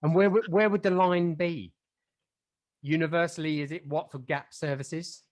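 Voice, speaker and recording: A man's voice: a little high, steady tone, normal speed. A man from England co-hosting a podcast in casual chat, rambling and jokey, often poking fun at himself. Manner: rambling, self-mocking, jokey. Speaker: podcast co-host.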